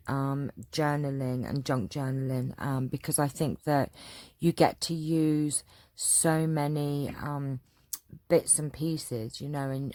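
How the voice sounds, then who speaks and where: A woman's voice: a bass voice, a little mellow, no room sound. An English woman hosting a craft channel, answering viewer questions in a chatty, rambling way with lots of fillers. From England. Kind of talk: casual Q&A chat.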